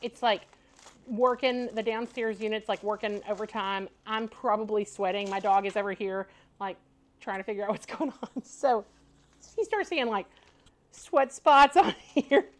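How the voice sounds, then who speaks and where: A woman's voice: mid-range voice, moderate pace. A woman chatting casually at home while she unboxes and tries on clothes. She talks in a loose, chatty way, laughs often and fills her speech with "like" and "y'all". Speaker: fashion vlogger.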